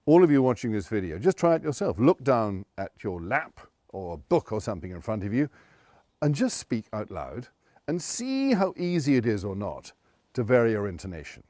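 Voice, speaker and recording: A man's voice: fairly low pitch, normal speed, no echo. A man, a presentation coach giving conversational advice straight to camera. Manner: conversational, animated, with quoted asides.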